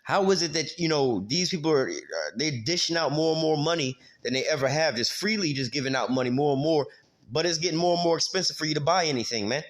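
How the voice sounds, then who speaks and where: A man's voice: fairly high pitch, expressive, fast. A man teaching a Bible passage in a loose, conversational way, full of street slang, filler words and casual cursing. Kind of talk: informal scripture teaching.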